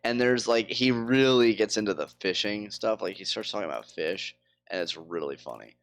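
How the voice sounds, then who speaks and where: A man's voice: lowish voice, normal speed, a bit bright. A man chatting casually on a live game stream, rambling with lots of fillers.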